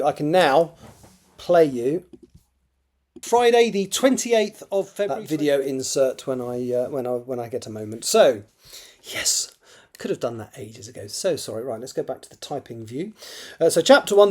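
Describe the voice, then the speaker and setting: A man, an author, reading his own fiction draft aloud, halting to reread and correct phrases and muttering asides under his breath. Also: on the high side, lively intonation, darkish tone.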